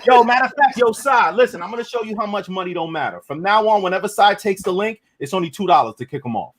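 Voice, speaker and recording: A man hosts a live stream and rants in heated, casual talk. His voice sits a little high and swings widely in pitch, and he curses freely, breaking into sudden shouts. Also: quick pace. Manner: loud, profane, animated with sudden shouts.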